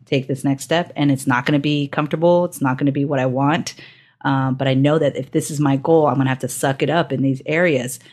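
A woman interviewing an athlete in a casual chat, friendly and rambling, laughing often. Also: sits low.

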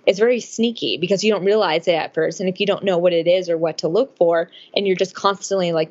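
Woman guest, advocate, fairly low voice, casual, muffled audio. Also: fast, few pauses, dry recording. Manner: relaxed, uses lots of fillers like "like" and "um". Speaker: guest, domestic violence advocate. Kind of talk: casual interview chat.

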